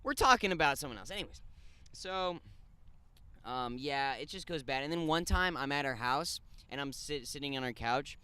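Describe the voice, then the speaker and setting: A young man co-hosting a podcast, telling a crude story in casual chat, animated and jumping from loud bursts to mumbled asides. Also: mid-range voice, moderate pace, smooth, no echo. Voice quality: crude, joking banter. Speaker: podcast co-host.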